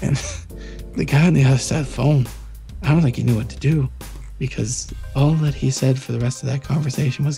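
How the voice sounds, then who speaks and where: A man co-hosting a podcast, telling a rambling, animated workplace story in casual chat. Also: mid-range voice, fairly quick, gravelly, faint music behind. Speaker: podcast co-host.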